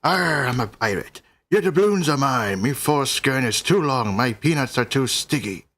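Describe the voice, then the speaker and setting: A man putting on the voice of a gruff, boastful male pirate, hamming it up with an exaggerated pirate growl. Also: medium pitch, lively intonation, moderate pace, a bit bright. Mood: swaggering.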